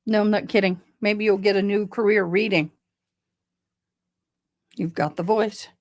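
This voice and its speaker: A woman's voice: medium pitch, fairly even intonation, a little slow. A middle-aged woman from Tennessee with a Southern accent, chatting casually with viewers on a livestream and reading out their comments. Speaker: livestream host.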